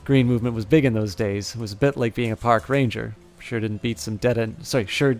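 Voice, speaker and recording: A man's voice: mid-range voice, fairly even intonation, brisk, close to an everyday voice. A man voicing a brash, wry former ranger turned mercenary, blunt and folksy, in a near-everyday voice.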